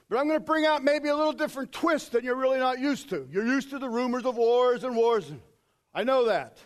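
Male pastor, very high voice, sermon delivery with loud bursts and hushed asides. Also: fairly quick. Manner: preaching with sudden shouted quotes and quiet asides.

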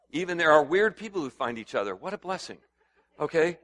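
A man preaching a sermon to his congregation in a conversational way that turns louder and higher as he gets stirred up, asking them to respond. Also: sing-song, brisk. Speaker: pastor.

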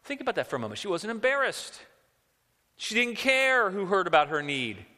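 A male pastor preaching in a conversational way, often slipping into acted-out quotes. His voice sits a touch high and rings bright and forceful. A long reverb from the church hall follows his words. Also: sing-song, normal speed. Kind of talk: sermon.

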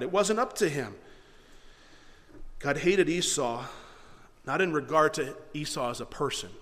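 In a hall with long, trailing reverb, a pastor delivers a sermon with earnest, conversational energy, sometimes taking on the voices of people he quotes. His fairly bright voice sits a little higher than the typical man's.

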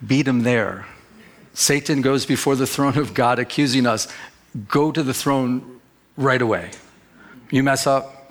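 A man preaching a sermon as pastor, reading scripture and telling folksy stories in an animated way. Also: mid-range voice, measured pace, pauses often.

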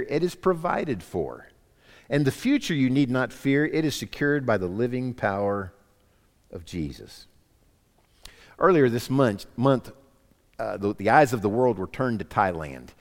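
A male pastor with a drawl delivers a sermon, his voice rising and falling with animated, wide-ranging pitch. He leans into quoted lines with dramatic swings from loud to hushed. The recording carries the long reverb of a church hall. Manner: animated preaching, drops to soft quoted lines.

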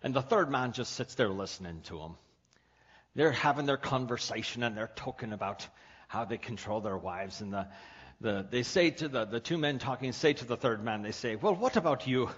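A man's voice: medium pitch, normal speed, a bit bright, breathy edge. A man preaching a sermon as pastor, opening with wry joke stories and shifting his delivery for punchlines. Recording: dull lo-fi sermon audio.

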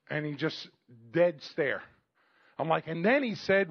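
Middle-aged male preacher, gravelly and a bit high, animated storyteller, dull dry recording. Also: moderate pace, no echo. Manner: animated, jokey, calls for amens. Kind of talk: storytelling sermon.

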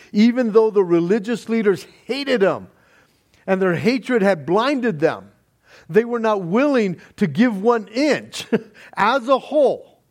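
A man preaching a sermon in a deliberate manner, with soft laughs between points. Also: high-pitched. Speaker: pastor.

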